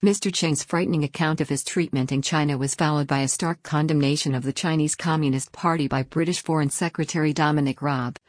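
A woman narrating a scripted news report in an even, formal read-out manner. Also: sits low, fairly quick, few pauses, dry recording, studio quality.

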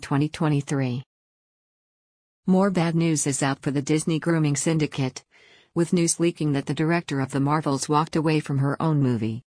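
A woman reading an opinion column aloud in an even, flat manner, with dry sarcastic asides. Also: deep voice, dry recording. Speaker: article reader.

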